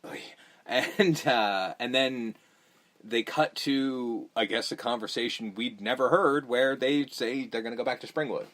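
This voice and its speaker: A man's voice: mid-range voice, measured pace, a bit bright. A young man hosting a podcast, recapping a movie in a rambling, profane, offhand way. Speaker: podcast host. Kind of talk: casual movie recap chat.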